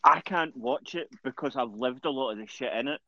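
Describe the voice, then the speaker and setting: A man's voice: medium pitch, brisk, bright, forceful tone, no room sound. Scottish guy cohosting, wry, muffled lo-fi mic, dry sound. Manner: wry, reading out comments. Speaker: podcast co-host. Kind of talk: casual chat. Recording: dull lo-fi mic.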